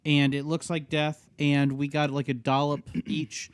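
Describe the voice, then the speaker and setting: A man's voice: a little high, little pitch movement, measured pace, clean tone, no echo. A man co-hosting a podcast, chatting casually with an easygoing, joking manner. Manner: jokey, easygoing banter. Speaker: podcast co-host. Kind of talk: casual chat.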